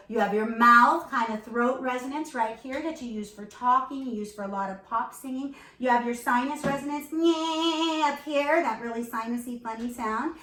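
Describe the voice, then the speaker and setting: A woman with a high, slightly bright voice leads a beginner singing lesson as a vocal coach, encouraging her student and demonstrating sounds. A keyboard plays faintly behind her, and the recording was made from a distance in an echoey room.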